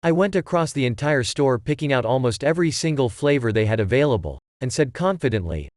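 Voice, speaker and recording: A man's voice: mid-range voice, lively intonation, fairly quick, hardly any pauses, a little mellow, no echo, studio quality. A man narrating a written first-person story in a plain storytelling read.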